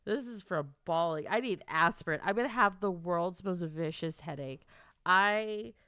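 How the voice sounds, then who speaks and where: A woman's voice: fairly low pitch, moderate pace, a bit bright, smooth, no echo, studio quality. A young woman streaming casually to her chat, teary and stuffed up, laughing through her tears and swearing.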